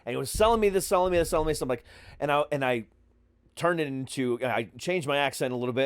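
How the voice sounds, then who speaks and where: A man's voice: mid-range voice, quick pace, smooth, no room sound. A man hosting a podcast, telling comic stories casually and acting out the scenes with frequent laughter. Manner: animated, laughs often, acts out scenes. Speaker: podcast host.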